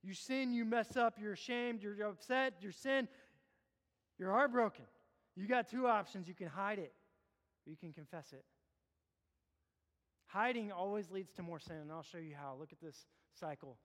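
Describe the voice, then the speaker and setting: Man preaching, very high voice, long church reverb, impassioned, loud then hushed. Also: moderate pace, long pauses. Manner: impassioned, swings between loud urging and low hushed appeals. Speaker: pastor. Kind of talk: sermon. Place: church sanctuary.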